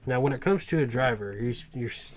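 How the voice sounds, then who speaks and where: A man's voice: medium pitch, fast. A man, a truck mechanic, telling a rambling work story in casual podcast chat, with plenty of swearing.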